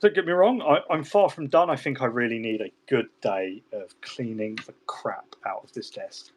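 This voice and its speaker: A man's voice: medium pitch, normal speed. A man hosting a hobby chat, rambling and joking with lots of restarts and asides as he works at his desk. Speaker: hobby stream host. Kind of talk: casual chat while model painting.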